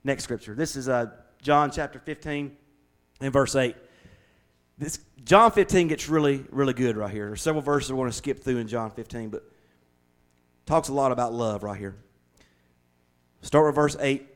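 A man preaching a sermon as pastor, folksy and conversational, speeding up and slowing down as he goes. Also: fairly high pitch. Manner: folksy, conversational preaching with shifting pace and volume.

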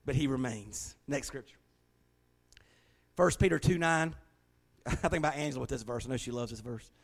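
A middle-aged man preaching a sermon, telling folksy stories that swing from hushed to loud. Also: a little high. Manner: folksy storytelling, shifting from hushed to shouting. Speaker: pastor.

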